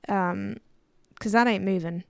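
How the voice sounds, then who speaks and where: A woman's voice: medium pitch, steady tone, a little slow, vocal fry, no echo. A woman streaming a game, chatting casually, giggling and reading chat aloud, her voice a little worn. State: voice a bit worn.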